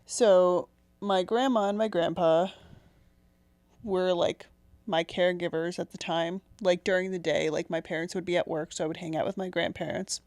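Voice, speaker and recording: A woman's voice: fairly low pitch, steady tone, moderate pace, darkish tone, dry recording. Giggly, rambling young woman storyteller. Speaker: podcast co-host. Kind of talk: casual chat, storytelling.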